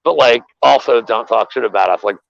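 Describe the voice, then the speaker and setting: A man co-hosting a betting show, rambling in casual, profane sports chat with animated rants. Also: mid-range voice, fairly quick, creaky, no room sound. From Philadelphia area. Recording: dull, lo-fi, dry sound.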